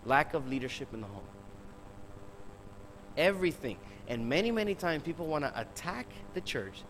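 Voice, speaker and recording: A male preacher delivers an emphatic sermon with a fairly high voice. He keeps asking the congregation rhetorical questions and speaks to them directly. A faint hum runs behind him. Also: sing-song, moderate pace, a bit bright, poor audio.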